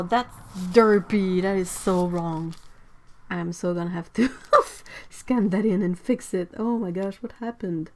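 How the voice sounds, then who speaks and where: A woman's voice: medium pitch, darkish tone. A young woman hosting a livestream, chatting casually and giggling to her viewers while she paints.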